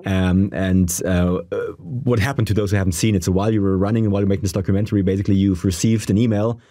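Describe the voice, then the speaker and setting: A man interviewing a guest, speaking haltingly with many restarts and repeated words. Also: sits low, steady tone, warm tone. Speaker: interviewer, podcast host. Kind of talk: conversational interview.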